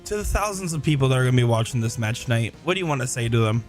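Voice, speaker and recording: Quick upbeat male interviewer. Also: mid-range voice, lively intonation, soft background music. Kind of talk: scripted broadcast promo.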